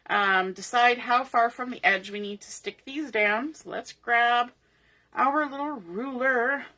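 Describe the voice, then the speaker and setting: Slow, bright-voiced woman crafting tutorial host. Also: a little high. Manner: chatty, talks through each step aloud. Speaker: papercraft host.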